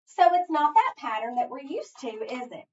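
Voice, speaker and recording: A woman with a high-pitched, sing-song voice works through a phonics lesson, taking her time and patiently answering her own questions. The sound is distant and echoey, with a dull quality to the room.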